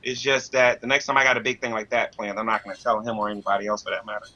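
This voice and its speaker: A man appearing as a podcast guest, talking quickly and calmly about a falling-out. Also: lowish voice, lo-fi sound. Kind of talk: casual podcast conversation.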